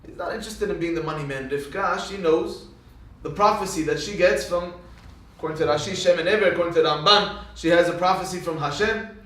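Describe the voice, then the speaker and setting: Male Torah teacher with a high voice, lively storyteller, far from the mic in a very reverberant room. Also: fairly quick. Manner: animated, swings into sudden emphatic rises.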